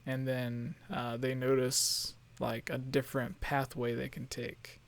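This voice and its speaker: A man's voice: medium pitch, completely flat delivery, a little slow, vocal fry. A man co-hosting a casual gaming chat stream, rambling with lots of fillers and restarts. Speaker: podcast host.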